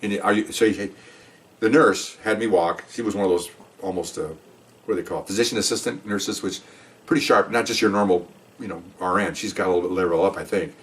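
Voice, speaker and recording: A man's voice: low voice, fast talker, far from the mic. An older man, a retired police officer, telling a story in a casual, rambling way and often checking in with "okay?". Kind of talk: casual spoken anecdote.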